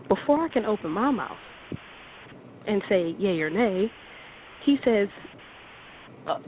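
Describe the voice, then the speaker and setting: A woman phones in to a radio talk show and tells her story in a lively, chatty way, laughing and acting out other people's lines. Her voice comes through a thin, tinny phone line with a faint hiss behind it. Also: mid-range voice, moderate pace. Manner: animated, laughing, acts out quotes. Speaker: caller. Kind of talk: casual storytelling on call-in radio.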